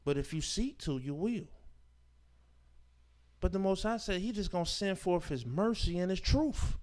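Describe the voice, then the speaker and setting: A man teaching a scripture class as a sermon, reading verses aloud and explaining them with emphatic, informal preaching that swings from loud declarations to quiet asides. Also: high-pitched, lively intonation, normal speed. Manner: informal speech with dropped verb endings and rhetorical questions.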